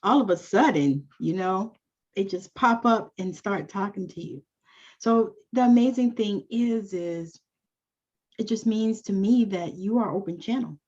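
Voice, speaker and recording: A woman hosts an interview and answers her guest with eager, affirming exclamations. Her voice is husky and mid-pitched. The recording is muffled and lo-fi. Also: measured pace. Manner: warmly affirming, exclamatory reactions. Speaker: podcast host. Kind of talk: casual interview. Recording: dull lo-fi sound.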